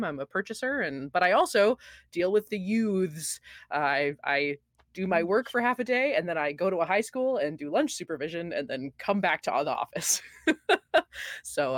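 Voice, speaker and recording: A woman player chatting casually, self-deprecating and quick to giggle. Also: low voice, fairly bright tone, no room sound, clean studio sound. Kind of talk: casual chat.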